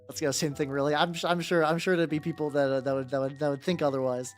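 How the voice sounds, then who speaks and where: A streamer paints miniatures while casually chatting with viewers, rambling and swearing freely. The voice is mid-range, level in tone, and fast. Faint music plays in the background.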